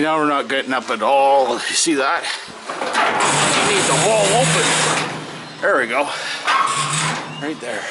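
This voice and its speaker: A man's voice: mid-range voice, rough recording. A man with a Canadian Ontario accent talking viewers through chores and cooking in his garage and frosty yard on a rural farm, in a folksy, chatty way. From Northern Ontario, Canada. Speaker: homesteading vlogger. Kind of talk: casual narration while working.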